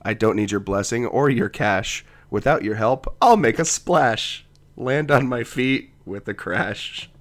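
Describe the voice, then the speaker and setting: A man's voice: mid-range voice, measured pace. A man co-hosting a casual comedy podcast, wry and laid-back, with a lingering cough. He also reads a poem aloud. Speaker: podcast co-host.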